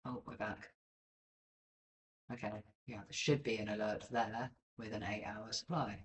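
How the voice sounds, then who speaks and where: A man's voice: on the low side, steady tone, measured pace, recorded from a distance, poor audio. A man giving casual live-stream market commentary over charts, rambling and self-deprecating with many filler ums. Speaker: livestream crypto chart analyst.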